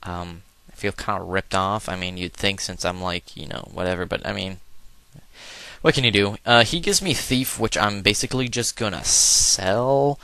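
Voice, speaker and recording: A man's voice: lowish voice, moderate pace, pushed and bright, dry recording. A man giving offhand, rambling commentary over a video game, cracking crude jokes and trailing off into mumbled asides. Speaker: let's play commentator. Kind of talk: casual gameplay commentary.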